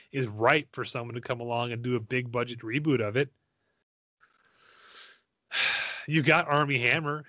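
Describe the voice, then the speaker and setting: A man's voice: mid-range voice, pushed and bright, no room sound. A man co-hosting a casual movie-review chat, ranting in an exasperated, profane way. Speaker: podcast co-host.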